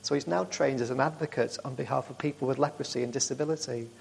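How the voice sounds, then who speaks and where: A man speaking to a church group, telling warm, rambling stories with frequent restarts. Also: medium pitch, steady tone, fast, creaky, husky. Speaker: charity speaker.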